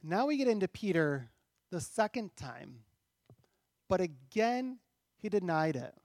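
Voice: mid-range voice, sing-song, measured pace, darkish tone, no room sound, clean studio sound. A pastor preaching a sermon in a church, talking conversationally and asking rhetorical questions.

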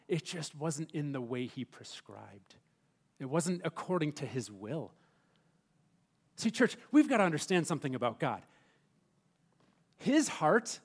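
A pastor preaching a sermon, asking his congregation rhetorical questions and slowing down softly on scripture. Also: a little high. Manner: animated preaching, rhetorical questions, soft slow emphasis on scripture.

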